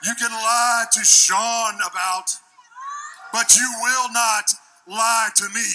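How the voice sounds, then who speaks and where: Man impersonating a grim wrestler: high, hard-edged shouting, very slow and menacing. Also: fairly even intonation, background noise.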